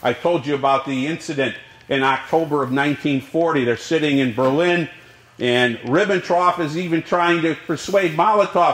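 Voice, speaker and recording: Lively, echoing male history lecturer. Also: fairly high pitch, moderate pace. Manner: lively lecturing with rhetorical questions. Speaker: history professor. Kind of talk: classroom lecture. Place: college classroom.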